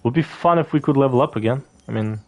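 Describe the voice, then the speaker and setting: A gaming video creator with a mid-range voice talks quickly while playing a video game. His casual commentary rambles, with plenty of swearing, filler words and restarts.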